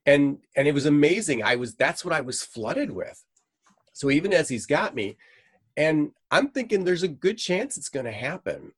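A man's voice: fairly high pitch, normal speed, husky, no room sound. Middle-aged man telling a story, dry. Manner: animated, acts out quoted dialogue. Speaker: missionary guest. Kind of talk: conversational storytelling.

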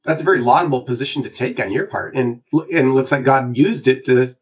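A male host asking calm follow-up questions in an interview. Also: medium pitch, fairly quick, husky.

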